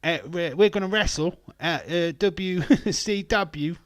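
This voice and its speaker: A man hamming up a loud, high-pitched cheeky Cockney caricature in a mock Cockney accent. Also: a little slow, dry recording, clean studio sound. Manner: brash, sing-song, over-the-top.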